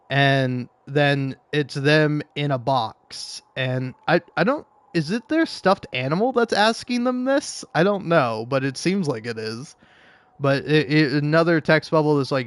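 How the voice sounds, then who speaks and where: A man's voice: mid-range voice, normal speed, clean tone, dry recording. A man hosting a commentary video, ranting with lots of swearing and stammered restarts as he reacts to online comics. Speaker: commentary host.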